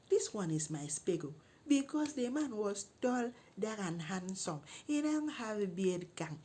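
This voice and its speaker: A middle-aged woman with a Nigerian English accent, telling a comic story in an animated, exclaiming way and scolding when indignant. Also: medium pitch, a little hiss or hum. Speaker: comedic storyteller.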